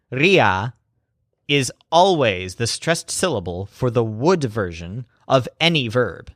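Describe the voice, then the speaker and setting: A man narrating a scripted language lesson as teacher, slowing down to spell out example phrases. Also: medium pitch, fairly bright tone, dry recording, clean studio sound.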